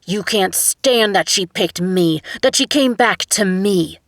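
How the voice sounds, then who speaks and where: A woman voicing a jealous, hotheaded young man who taunts loudly. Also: medium pitch, expressive, slow, dry recording, clean studio sound. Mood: taunting. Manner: shouting, taunting.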